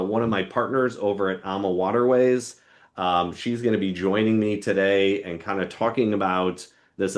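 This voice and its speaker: A man hosting a travel webinar over a video call, enthusiastic and halting, with lots of ums and uhs. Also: sits low. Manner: enthusiastic, filler-heavy, halting. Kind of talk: casual webinar presentation.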